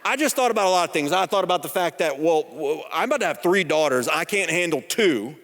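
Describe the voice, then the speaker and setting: A man in his thirties preaching a sermon, telling personal stories in a conversational, humorous, animated way. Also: a little high, fast. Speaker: pastor. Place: church sanctuary. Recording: long church hall reverb.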